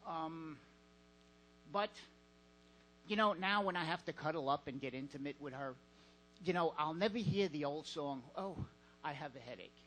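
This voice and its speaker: A man doing a stand-up set in a comedy club, deadpan and halting with fillers. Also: on the high side, slight background noise, poor audio.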